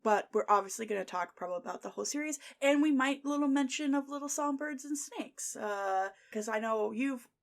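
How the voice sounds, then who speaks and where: A woman's voice: sits high, fairly quick, gravelly, hardly any pauses. Chatty young woman hosting a book podcast. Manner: chatty, laughs often, reads quotes aloud. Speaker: podcast host. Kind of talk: casual book chat.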